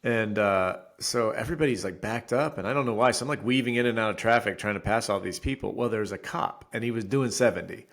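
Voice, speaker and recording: Brief: man, thirties, podcast co-host, animated storyteller who acts out his own lines. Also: lowish voice, fast, hardly any pauses. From Florida resident. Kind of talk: casual podcast chat.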